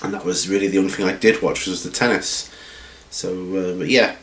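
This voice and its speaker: A man hosting a hobby channel from home, chatting casually through viewer questions in a rambling, relaxed way with lots of ums and restarts. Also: low voice, fairly quick, noisy background. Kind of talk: casual Q&A chat. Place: at home, seated with feet up. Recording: roomy room echo.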